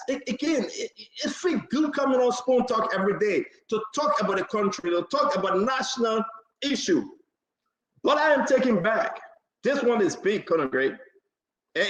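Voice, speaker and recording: A high-pitched man hosts a live talk show, pressing each point by saying it again and again. His voice rings in a roomy, echoing space. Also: animated, normal speed, a bit bright. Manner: emphatic, repeats phrases, laughs between points.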